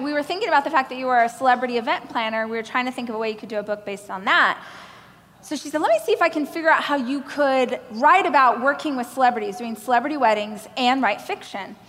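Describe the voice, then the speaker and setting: A woman from Oklahoma, United States, gives a motivational keynote on stage in a large hall at a live event, her voice on the high side. She tells a self-mocking story in an animated way, acting out other people's voices, and the live recording has long reverb and faint noise.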